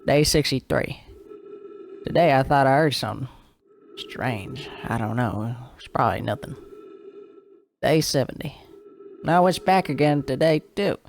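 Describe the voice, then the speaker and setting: A lonely alien lookout keeper talks in a slow, rural drawl, voiced by a man reading game text aloud. The tone stays dry and wry. The voice sits at an ordinary middle pitch for a man. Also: gravelly, slight background noise. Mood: uneasy. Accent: put-on rural drawl.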